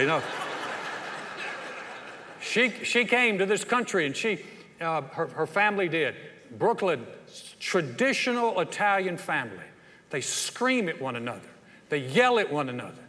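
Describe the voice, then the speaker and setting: A Southern pastor preaching in a folksy, animated style, his voice sitting fairly high for a man. His Southern accent comes through as he keeps asking the room questions. His voice trails off into the long reverb of a large hall. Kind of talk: sermon.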